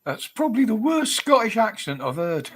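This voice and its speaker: A man's voice: high voice, sing-song, moderate pace, fairly bright tone, slight background noise. A man hosting a casual livestream chat, rambling, laughing and cheeky. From United Kingdom. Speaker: livestream host.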